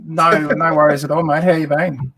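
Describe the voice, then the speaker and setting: A laid-back Australian man chats as a guest on a casual live stream, trailing off into ums as he goes. His voice sits a little higher than average, over a faint background hiss. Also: little pitch movement, normal speed, creaky. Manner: friendly and laid-back, with hesitant ums and restarts.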